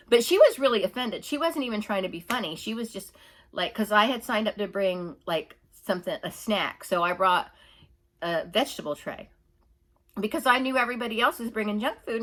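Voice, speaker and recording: A woman's voice: mid-range voice, a bit bright. A middle-aged woman ranting indignantly in her own opinion vlog, emphatic and repetitive. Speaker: YouTuber.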